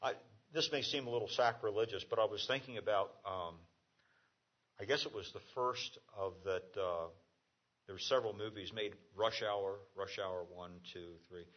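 A man preaching a conversational sermon as a pastor, halting with fillers and restarts. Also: lowish voice, muffled recording.

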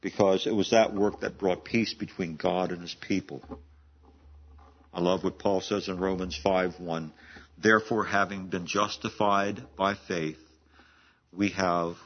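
A man's voice: deep voice, dull audio. A man in his seventies preaching a sermon in a conversational, storytelling way, often restarting phrases and laughing. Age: 70s. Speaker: pastor.

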